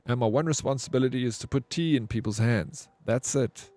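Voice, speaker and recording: A man's voice: mid-range voice, a little fast, darkish tone, no echo, close to an everyday voice. A man voicing a young woman, a former warrior running a tea shop, who is stubborn and insistent about rules. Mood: pushy. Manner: insistent, indignant, fixated on rules.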